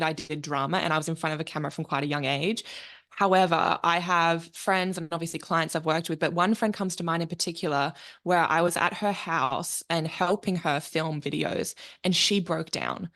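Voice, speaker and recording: A woman speaking coach chatting as a podcast guest. Her voice sits a little low. She talks with open enthusiasm and expressive emphasis, and drops in the odd swear word. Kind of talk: casual interview chat.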